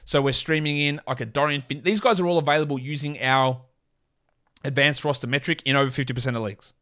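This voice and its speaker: A man with an Australian accent hosting a solo fantasy basketball podcast, rattling off player lists and quickly correcting himself. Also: mid-range voice, fairly even intonation, fairly bright tone. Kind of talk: casual solo podcast talk.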